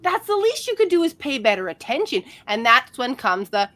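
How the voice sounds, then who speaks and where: A woman's voice: high voice, very animated, moderate pace, fairly bright tone. A woman relationship coach talking candidly and animatedly in a casual podcast conversation, laughing often.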